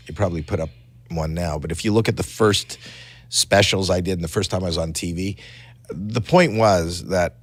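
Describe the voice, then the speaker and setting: Middle-aged man, podcast guest, lowish voice, animated rambling stories full of restarts, dry close studio sound. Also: breathy edge, no echo. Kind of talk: casual storytelling chat.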